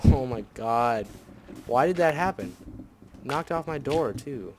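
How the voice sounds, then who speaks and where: Over some background noise, a man with a medium-pitched voice talks at normal speed while hosting a let's play. His casual gameplay commentary is grumbling and easily annoyed, and he swears whenever something goes wrong.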